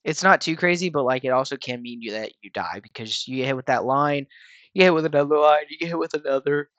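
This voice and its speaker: In a casual gameplay voice-over, a weary, yawning host rushes through a raid fight explanation, rambling with plenty of fillers and restarts. His slightly high voice comes through with no room sound and the highs cut off.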